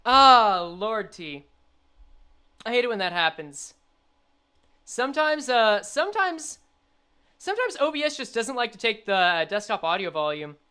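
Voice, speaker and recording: A young woman streaming a game, chatting and reading the story aloud, animated and quick to laugh. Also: fairly high pitch, clear, resonant tone.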